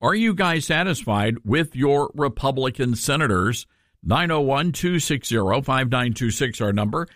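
A man's voice: medium pitch, moderate pace, no echo, studio quality. A man hosting a talk radio show with a Southern accent, chatting in a folksy, jokey way. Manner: folksy, jokey, lively storytelling. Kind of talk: talk radio chat and live ad reads. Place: radio studio.

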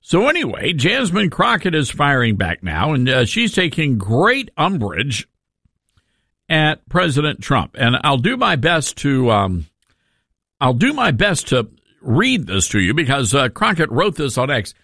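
Animated gravelly talk radio host, man. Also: mid-range voice, measured pace, no echo, clean studio sound. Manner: animated, sarcastic. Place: radio studio.

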